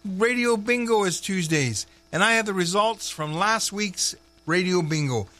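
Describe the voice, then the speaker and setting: Man, local radio host: chatty, wry asides, bright and forward tone. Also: high-pitched, a little slow. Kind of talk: casual radio chat with announcements.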